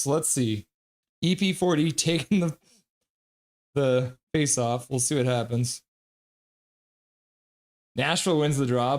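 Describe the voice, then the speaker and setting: A man casually calling a hockey game play-by-play on a live stream, reading chat and laughing along. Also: fairly high pitch. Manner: chatty, reads chat messages aloud, laughs often.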